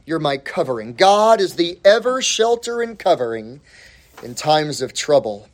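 A man preaching an expository sermon, reading scripture and then teaching from an outline, with deliberate phrasing that lets the ends of phrases sink low and soft. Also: sing-song. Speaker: pastor.

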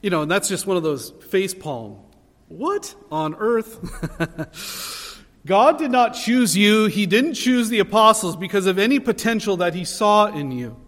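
A man's voice: sits high, expressive, measured pace, fairly bright tone. A man preaching a sermon as pastor, earnest, building emphasis on key phrases. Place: church sanctuary. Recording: long reverb of a hall.

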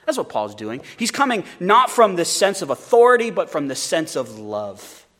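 A man's voice: fairly high pitch, very animated, moderate pace, a bit bright. A male pastor preaching a sermon in an earnest way, often repeating words as he starts a phrase.

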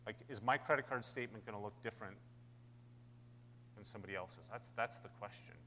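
Conversational preacher in a reverberant hall. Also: male voice, lowish voice, fairly quick, slight background noise. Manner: conversational, asks the room questions, rises to animated peaks. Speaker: pastor. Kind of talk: sermon.

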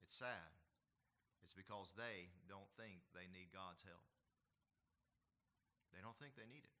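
Bright-voiced preacher man, dramatic swings. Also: deep voice, a little slow. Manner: preaching with dramatic swings between loud and soft; acts out quoted voices. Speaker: pastor. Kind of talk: sermon.

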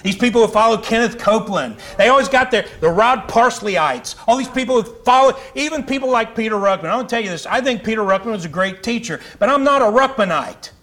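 A man's voice: high-pitched, lively intonation, quick pace, few pauses, a bit bright. A male pastor preaching a sermon to his congregation in a fiery, conversational way with chatty asides. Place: church sanctuary.

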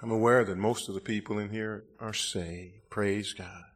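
Middle-aged man, preacher at a church altar call, fervent shouts easing into hushed pleading. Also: lowish voice, fairly even intonation, moderate pace. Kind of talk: revival sermon with altar call. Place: church sanctuary.

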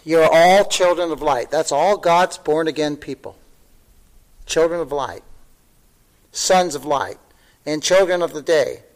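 A man's voice: fairly high pitch, poor audio. A male pastor preaching a sermon, conversational with tag questions, building to fervent exclamations and chuckling now and then.

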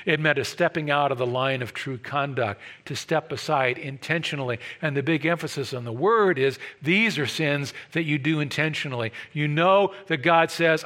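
Guy preaching a sermon, pretty high voice, bright, goes big then drops real quiet. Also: normal speed, few pauses. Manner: dynamic preaching, swings from loud emphatic peaks to hushed low asides. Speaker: pastor.

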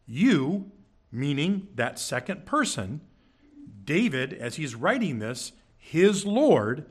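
A man preaching in a church, teaching from scripture with emphatic, animated delivery and frequent check-ins with the congregation. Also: a little high, slow pace. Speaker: pastor. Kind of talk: sermon. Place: church sanctuary.

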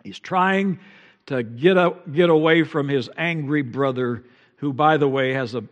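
Emotive preacher with a raised voice in a reverberant hall. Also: male voice, on the high side, a little slow. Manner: emotive preaching, swinging from hushed to loud. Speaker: pastor. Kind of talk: sermon. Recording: long reverb in a large hall.

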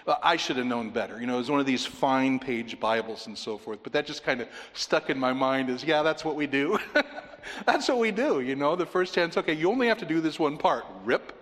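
A man preaching a sermon, emphatic and repetitive, often dropping to a quiet, intense delivery. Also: medium pitch, brisk, hardly any pauses, long reverb tail. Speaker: pastor.

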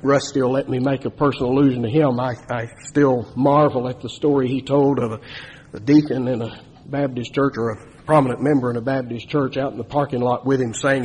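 A man's voice: medium pitch, steady tone, brisk, darkish tone, slight background noise. A man preaching a sermon, telling a story and building to emphatic, rising climaxes. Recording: long hall reverb.

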